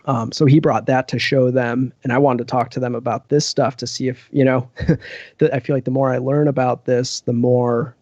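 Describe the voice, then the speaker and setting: A man's voice: medium pitch, little pitch movement, moderate pace, a little mellow, no room sound, highs cut off. A man from Western Massachusetts, a podcast guest, telling a rambling casual story full of "like" and "you know".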